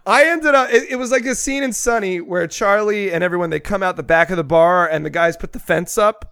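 A man co-hosting a podcast, telling a story in a casual, animated way with plenty of swearing. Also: high-pitched, fairly quick, clear, resonant tone, no echo, clean studio sound. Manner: animated, profane storyteller with swinging loudness. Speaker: podcast co-host.

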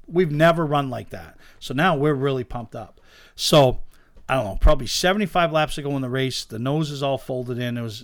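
A man, a guest telling lively stories about owning race cars in a casual chat, acting out the voices of the people in them. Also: medium pitch, no echo, clean studio sound. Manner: animated anecdote teller, acts out quoted dialogue. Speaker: guest, race car owner. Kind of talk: casual storytelling in a podcast chat.

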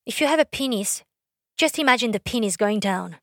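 A young woman from Brazil telling a comic story on stage. Her voice sits fairly high, and her delivery is brash, sardonic and full of swearing. The recording is dry and close. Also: normal speed, no echo. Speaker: comedian.

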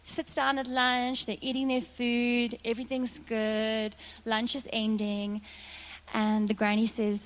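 A woman preacher telling a story in a sermon, in a lively, dramatic way. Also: a little high, slow pace.

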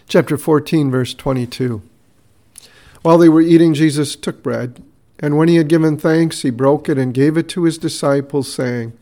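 Man, fairly high voice, devotional podcast host, earnest, measured Bible reading. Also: dark tone.

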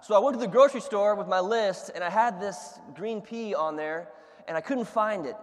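A man preaching a sermon, telling funny stories in an animated way and laughing along. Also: high-pitched, normal speed, in a large hall. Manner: animated storyteller, laughs at his own stories. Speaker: pastor.

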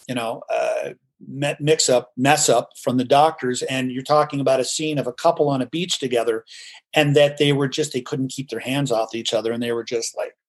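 A man speaking as a podcast guest who coaches trial lawyers in theater methods, talking in an animated, theatrical, emphatic way. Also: medium pitch. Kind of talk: podcast interview.

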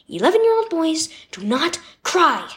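A woman's voice: very high-pitched, very animated, normal speed, fairly bright tone, voice pushed up, full character voice. A woman voicing an eleven-year-old boy who is hurt and trying hard not to cry, speaking in a tearful, insistent way. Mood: upset.

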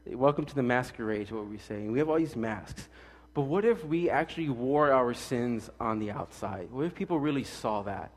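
A man preaching a casual, joking sermon as pastor, acting out quick voices to make his points. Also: medium pitch. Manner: animated, jokey, acts out quick voices. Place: church sanctuary. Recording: church hall with long reverb.

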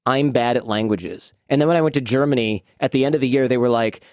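An American man in his late thirties, a podcast guest telling lively stories with quick asides. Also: mid-range voice, dry recording, studio quality. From United States. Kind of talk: storytelling interview.

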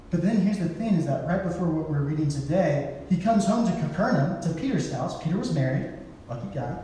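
A man's voice: sits high, expressive, normal speed, mellow, a little hiss or hum. A man giving a sermon in a casual storytelling way, acting out the people he quotes in playful voices. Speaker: pastor. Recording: echoey hall, from far off.

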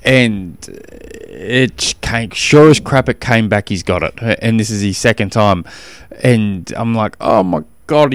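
A man's voice: fairly low pitch, no echo. A man with an Australian accent hosts a podcast in casual chat. He rambles along with frequent restarts. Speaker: podcast host.

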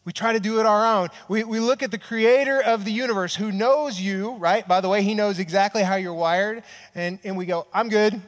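A man's voice: sits high, fairly quick, in a large hall. A man preaching a sermon to a church audience in a conversational, storytelling way, often checking in with "right?" and acting out little quotes. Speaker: pastor. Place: large church hall with an audience.

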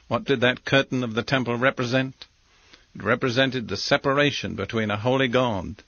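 A man preaching a sermon as a Bible teacher, speaking in measured, deliberate short phrases. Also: mid-range voice, fairly bright tone, no room sound. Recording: dull, lo-fi dry recording.

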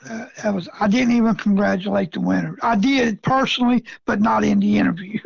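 Chuckling frequently and speaking with rural grammar, a middle-aged rabbit-hunting guest spins a folksy story in a relaxed interview. His voice is gravelly and creaky, sitting high with a steady tone and a brisk pace. The sound is dry, close, dull and lo-fi.

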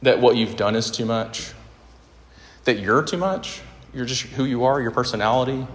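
A man's voice: medium pitch, normal speed. Earnest preacher man in a reverberant hall. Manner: earnest, conversational, with fillers and restarts. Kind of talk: sermon. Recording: hall reverb with faint ambience.

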